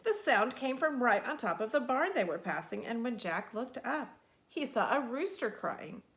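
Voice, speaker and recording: A woman reads a picture book aloud with lots of expression. Her voice sits a bit high and moves around a great deal. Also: moderate pace. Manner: expressive, animated. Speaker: storyteller.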